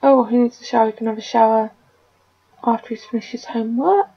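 A woman's voice: on the high side, fairly even intonation, fast, creaky, husky, lo-fi sound. A woman giving casual commentary while she plays a life-simulation game, scolding and coaxing her characters like a fussing parent. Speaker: gaming video creator.

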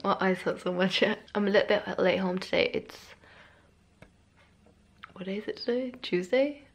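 A tired young woman vlogger chats casually to camera from her bedroom at home, her medium-pitched voice at normal speed with a little hiss or hum in the background. She rambles in a chatty, self-deprecating way and sounds slightly out of breath.

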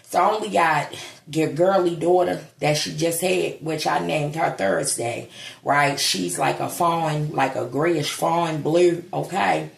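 A woman's voice: low voice, steady tone, measured pace, vocal fry. A woman vlogging at home, grieving and holding back tears, talking bluntly and swearing now and then. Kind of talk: casual vlog monologue. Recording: echoey room.

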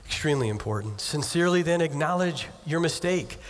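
A man's voice: a little high, expressive, fairly quick, a little hiss or hum. A pastor preaching a sermon in an earnest, conversational way, acting out little scenes as he goes. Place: church sanctuary. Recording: long hall reverb.

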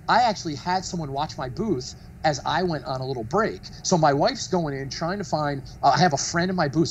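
A man telling stories casually as a podcast guest, rambling and animated with lots of fillers and swearing. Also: a little high, slight background noise. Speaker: guest, mask artist and studio founder. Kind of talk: casual storytelling chat.

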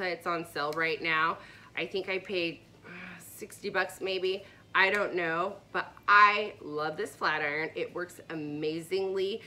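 A woman's voice: deep voice, bright, forceful tone, slight background noise. A woman vlogger chatting casually and enthusiastically about her favorite products, with rambling asides. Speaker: beauty vlogger.

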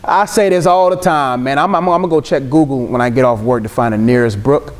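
A man's voice: medium pitch, brisk. A young man preaching a sermon in an emphatic, casual way, mixing slang and humor. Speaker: Christian speaker.

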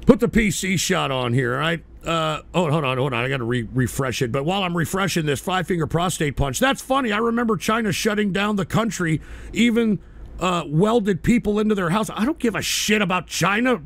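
An American man hosting a radio show, ranting about politics with heavy profanity and shouted bursts. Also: high-pitched, fairly quick, creaky. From United States. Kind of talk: angry political rant.

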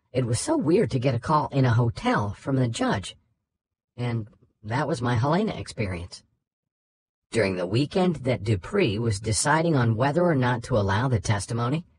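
A man's voice: medium pitch, a little hiss or hum. A man narrating a nonfiction true-crime audiobook, reading first-person interview recollections in a conversational way.

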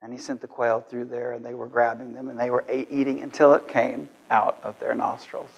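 A man preaching a sermon in a church, animated and conversational, acting out scenes as he goes. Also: mid-range voice, a little fast, gravelly, highs cut off.

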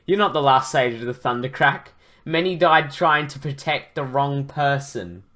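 A man's voice: medium pitch, moderate pace, fairly bright tone, lightly acted. A man voicing a stern, reproachful female flying beast.

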